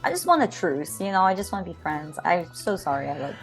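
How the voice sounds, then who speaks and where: A woman's voice: fairly low pitch, very animated, fast talker, faint music behind. A woman playing a tabletop game, talking in a hesitant, apologetic, giggly way. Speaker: player. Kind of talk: casual tabletop play.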